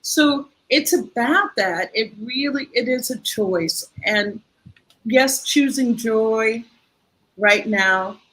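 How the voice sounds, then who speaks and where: An older woman speaking as a guest in a conversational interview, telling a heartfelt story in a lively, expressive way. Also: on the high side, takes it slowly, a little hiss or hum, poor audio.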